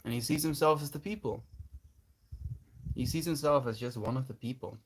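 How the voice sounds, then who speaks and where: A man's voice: mid-range voice, moderate pace, slight background noise. Earnest, reflective male livestreamer. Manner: reflective, earnest, laughs often. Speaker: livestreamer reading chat. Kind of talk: casual livestream chat.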